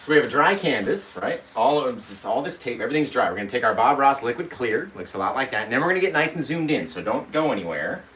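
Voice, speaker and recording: A man's voice: mid-range voice, expressive, quick pace, hardly any pauses, a bit bright. A man hosting a live painting tutorial, chatty and upbeat, walking viewers through each step. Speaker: painting instructor. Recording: roomy, distant mic, faint noise.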